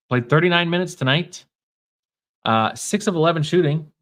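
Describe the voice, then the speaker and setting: A man's voice: mid-range voice, moderate pace, a bit bright. A man with a Minnesota accent hosting a casual livestream, talking in a wry, offhand way and reading comments from the chat aloud. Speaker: podcast host.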